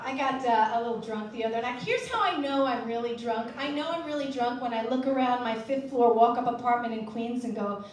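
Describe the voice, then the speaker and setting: A woman doing a stand-up comedy set, wry and self-mocking, slipping into shrill impressions. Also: a little fast, few pauses, a little hiss or hum. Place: comedy club stage. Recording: echoey room, voice from a distance.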